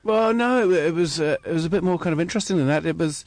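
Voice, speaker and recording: A man's voice: fairly high pitch, fast, no room sound. A man talking casually about wine on the radio, hesitant with many fillers and restarts. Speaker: wine commentator. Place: radio studio. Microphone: studio mic.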